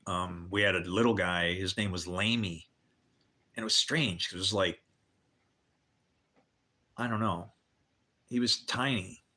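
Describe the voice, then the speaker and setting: A man's voice: deep voice, measured pace, pauses often, pushed and bright. An older man telling candid personal stories on a livestream, swearing and adding religious asides. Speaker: livestream host. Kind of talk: rambling personal storytelling.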